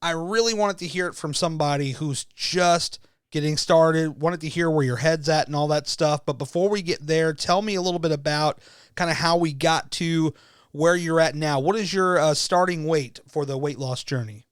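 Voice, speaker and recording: A man hosting a podcast in casual chat, enthusiastic and quick to laugh, sometimes tripping over his words. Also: a little high, clean tone, no room sound, clean studio sound. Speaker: podcast host.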